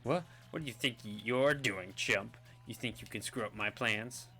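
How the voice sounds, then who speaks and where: A man voicing a blustering villain boss in a video game, loud and gloating. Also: mid-range voice, unhurried, soft background music.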